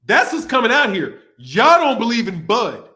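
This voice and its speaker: A man's voice: very high voice, huge pitch swings, moderate pace, sharp tone. A man hosting a boxing livestream, ranting in a heated, profane way, laughing often and repeating himself, with speech. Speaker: boxing channel host. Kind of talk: livestream commentary rant.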